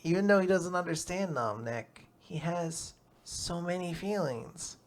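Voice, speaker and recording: A man co-hosting a casual podcast, animatedly retelling a plot and slipping quickly into quoted voices. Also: sits high, expressive. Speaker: podcast co-host recapping manga.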